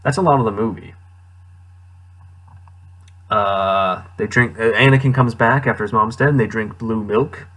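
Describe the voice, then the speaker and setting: A man's voice: lowish voice, moderate pace, long pauses, fairly bright tone. A man giving casual, sarcastic commentary on a movie he just watched, incredulous and laughing often. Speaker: movie reviewer.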